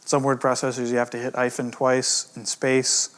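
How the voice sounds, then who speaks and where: A man, an editor, teaching a recorded grammar lesson in a relaxed, conversational way, slowing down to stress example words and often restarting with fillers. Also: mid-range voice.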